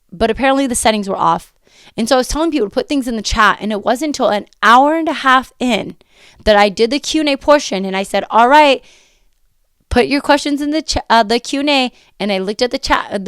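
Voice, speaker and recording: A woman's voice: mid-range voice, no echo, clean studio sound. A woman hosting a motivational podcast as a coach, talking emphatically with lots of repetition, her voice a bit worn from a recent illness. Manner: energetic, emphatic, talks with repetition and quoted self-talk. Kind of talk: casual motivational podcast talk. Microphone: close podcast mic.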